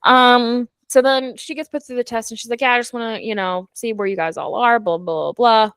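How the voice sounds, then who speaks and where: A woman's voice: on the high side, steady tone, moderate pace, fairly bright tone, clean tone, no echo. A woman co-hosting a book club, animatedly retelling the story and acting out the characters' lines. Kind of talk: casual chat recapping a novel.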